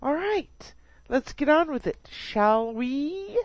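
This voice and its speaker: Brief: giggly woman radio host, slightly high voice, dry close mic. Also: lively intonation, takes it slowly, dry recording, dull audio. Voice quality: chatty, giggly, playful. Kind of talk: casual radio banter.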